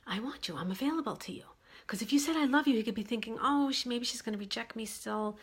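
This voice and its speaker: A woman's voice: fairly high pitch, fast talker, slightly rough. A woman from Brooklyn, giving relationship advice in an emphatic monologue that repeats its key phrases. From Brooklyn, New York.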